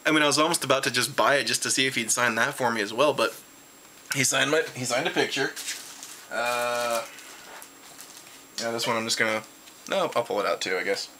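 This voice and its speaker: A tired man at home, rambling excitedly through a casual convention recap with lots of restarts. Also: a little fast, long pauses, slight background noise. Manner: jumps high in pitch when retelling his reactions. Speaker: vlogger reviewing a convention.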